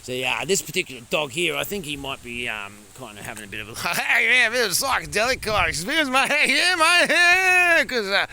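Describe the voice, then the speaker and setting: A man's voice: a little high, expressive, fast, gravelly, hardly any pauses, sharp tone. A man with a broad Australian accent delivering a rambling comic monologue as a larrikin bushman, recorded outdoors in the countryside. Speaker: comedy character vlogger.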